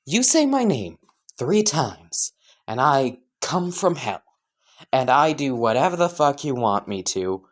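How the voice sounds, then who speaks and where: A man's voice: medium pitch, sing-song, unhurried. A man voicing a young demon brother from hell who bargains over a contract, casual and swearing. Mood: bargaining. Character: demon twin brother freed from hell, scheming.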